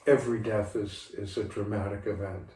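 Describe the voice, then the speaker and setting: An older man answers questions in a measured, deliberate manner, often restarting his sentences. His low voice sits back from the mic in an echoey room, with a faint hiss behind it. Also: steady tone, far from the mic. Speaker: interviewee, father of the host. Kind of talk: casual conversational interview.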